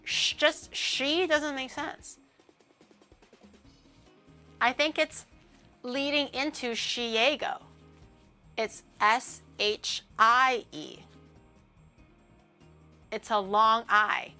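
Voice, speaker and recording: Woman streamer just chatting, kinda high bright voice, swears a lot, quiet music behind. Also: fairly even intonation, extremely slow, long pauses. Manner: swears freely, rants with a laugh. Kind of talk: casual livestream chat.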